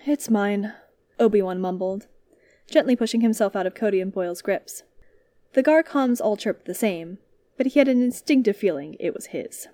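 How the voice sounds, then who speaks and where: A woman reading fan fiction aloud as a podfic reader, in a calm, even storytelling manner. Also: mid-range voice, normal speed, dry recording.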